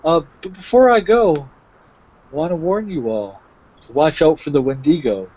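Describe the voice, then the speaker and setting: A cheerful young woman traveler chats and warns the party in a tabletop game, as a man puts her on. The voice sits noticeably higher than his usual talk. It comes through a dull, lo-fi voice chat line. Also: lively intonation, normal speed, mellow, husky. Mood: warm, warning. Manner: chatty, folksy warnings.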